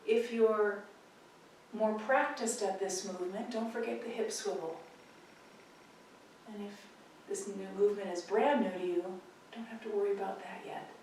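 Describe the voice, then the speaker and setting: Calm woman cueing tai chi in an echoey room. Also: medium pitch, far from the mic, slight background noise. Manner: calm, gentle cueing with pauses. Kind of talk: guided movement instruction.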